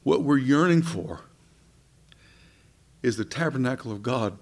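Male preacher, mid-range voice, earnest, conversational sermon style, soft moments then emphatic ones. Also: medium pitch, lively intonation, measured pace. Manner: conversational, asks the congregation questions.

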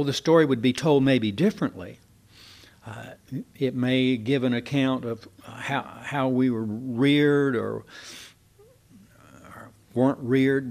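A man's voice: mid-range voice, darkish tone. An older man preaching a sermon in a folksy, digressive way, with asides and restarts.

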